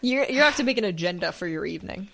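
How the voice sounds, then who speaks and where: A woman's voice: lowish voice, lively intonation, fast talker, vocal fry, a bit bright. A woman co-hosting a comedy podcast, enthusiastic and giggly in improvised chat. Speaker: podcast co-host.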